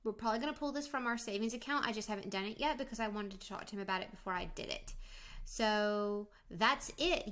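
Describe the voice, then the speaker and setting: A young adult woman casually walking through her budget, talking in a relaxed way with frequent fillers and restarts while snacking. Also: mid-range voice. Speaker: vlogger.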